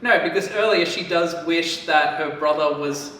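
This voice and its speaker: A man's voice: on the high side, normal speed, bright, forceful tone, distant mic. A man co-hosting a podcast in casual chat, dryly correcting and filling in story details. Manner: dry, corrects and adds plot details. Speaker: podcast co-host. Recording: echoey room, off-mic, faint noise.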